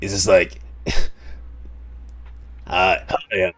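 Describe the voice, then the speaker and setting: A man's voice: low-pitched, level tone, takes it slowly, a bit bright, faint music behind. A man streaming a game, chatting casually and joking, rambling with many fillers. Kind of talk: casual live-stream chat.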